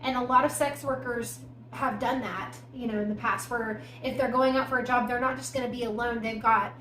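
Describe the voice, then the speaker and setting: A woman's voice: a little high, fairly even intonation, fairly quick, fairly bright tone. A woman co-hosting a podcast, recounting a crime case in casual storytelling with emphatic asides. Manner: conversational, recounting events with emphatic asides and fillers. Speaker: podcast co-host. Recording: echoey room with faint background noise.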